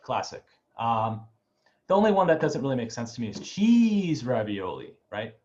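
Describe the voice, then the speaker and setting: A man's voice: mid-range voice, sing-song, normal speed, a little mellow. Chatty male professor on a dull video call. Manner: loose, chatty, asks "right?" often. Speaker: music professor. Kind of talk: online class lecture.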